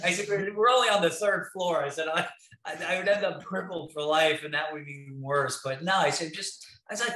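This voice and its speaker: A man, an interview guest, telling a long story in an animated, profane way. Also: a little high, fairly quick. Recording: roomy echo.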